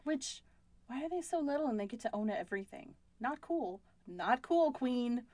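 Lively, giggly woman podcast co-host with a fairly high voice and a dry, close sound. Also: normal speed, no echo. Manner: giggly, animated, swearing freely. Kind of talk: casual chat.

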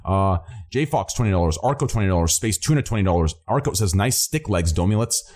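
A man's voice: deep voice, expressive, fast, darkish tone. A young man hosting a charity livestream, reading out donations and thanking people, swearing casually. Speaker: livestream host. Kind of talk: casual charity stream chat.

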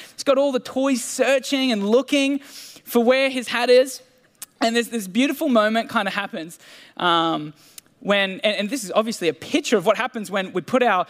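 A man's voice: sits high, a bit bright. A man preaching a sermon in a casual, self-deprecating way, with fillers and restarts. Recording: long hall reverb.

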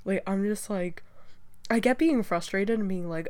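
A woman's voice: medium pitch, normal speed, a little mellow. A young woman hosting a casual solo talk show, rambling chattily with lots of fillers and restarts, a bit stuffy from allergies. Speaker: podcast host.

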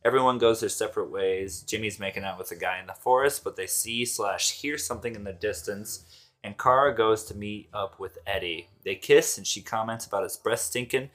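Low bright voice, guy recapping a horror flick on a podcast, swears a lot, laid back. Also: brisk. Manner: loose, profane, laughing recap. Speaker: podcast co-host. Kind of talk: casual movie review chat.

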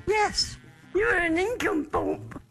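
A man's voice: very high voice, slow, fairly bright tone, faint music behind, heavily acted. A man voicing a trembly, cheeky old lady on a prank phone call, answering in short blunt teasing words. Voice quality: trembly, quavering.

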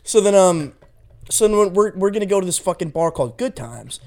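A man's voice: sits high, lively intonation, a little fast, gravelly, warm tone. A young man casually telling a rambling, profane story on a podcast. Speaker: podcast co-host.

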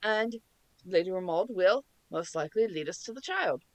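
Woman player, relaxed chat, lively pitch, dry sound. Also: normal speed, no echo. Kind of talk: casual tabletop play.

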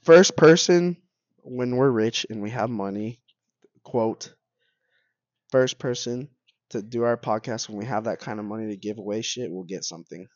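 A man's voice: fairly low pitch, steady tone, moderate pace, a little mellow, no echo, lo-fi sound. A young man co-hosting a casual podcast, stuffy and coughing from allergies, joking and swearing a lot. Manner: joking, swears often, says "dude" and "bro". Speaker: podcast co-host. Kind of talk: casual chat.

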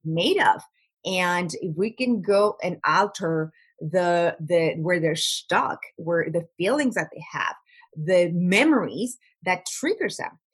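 A woman with a lowish, husky voice speaks as an interview guest. She talks earnestly and often repeats words as she searches for the right phrase, in a plain conversational way. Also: lively intonation, takes it slowly. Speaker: guest, trauma recovery practitioner.

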